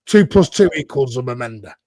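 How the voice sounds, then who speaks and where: A man on a live podcast panel, bantering loudly and teasing his co-hosts. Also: medium pitch, animated, brisk, no echo, studio quality. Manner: loud, teasing, sweary. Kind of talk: casual banter.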